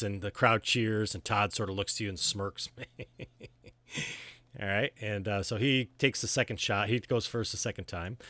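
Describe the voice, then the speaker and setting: A man's voice: on the low side, sharp tone, no room sound. A man running a tabletop game as game master, narrating in an easygoing way with lots of fillers and restarts.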